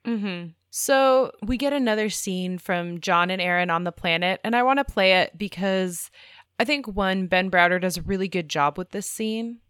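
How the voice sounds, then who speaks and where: A woman's voice: medium pitch, normal speed, a bit bright, clear, resonant tone, no echo, clean studio sound. A woman co-hosting a podcast, chatty and hedging, with many fillers and restarts. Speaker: podcast co-host. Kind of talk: casual chat.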